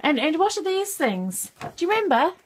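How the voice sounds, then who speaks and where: An adult woman with a very high voice and big pitch swings speaks at normal speed over a noisy background. A parent teaching a toddler, she patiently names pictures in a book in a sing-song way, praising each answer.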